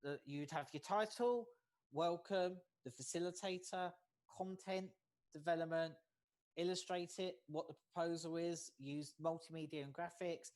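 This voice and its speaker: A facilitator gives an online training lecture over a video call. The pace is measured, and nearly every point ends with a checking "okay?". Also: mid-range voice, a little mellow. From United States. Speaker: workshop facilitator.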